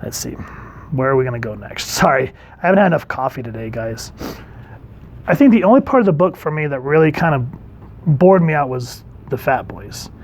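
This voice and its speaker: Relaxed male comic reviewer, mid-range voice, casual chatty delivery, faint background noise. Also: medium pitch, moderate pace. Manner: chatty, relaxed, reads comic panels aloud.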